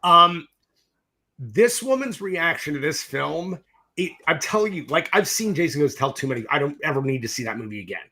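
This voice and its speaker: A middle-aged man tells stories from his film career with a bright, forceful tone and a lively voice that swoops up and down. He is profane and animated, acting out both sides of each conversation. He sits somewhat high for a man. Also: a little fast. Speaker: film director, interview guest. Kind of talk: animated storytelling in a casual interview.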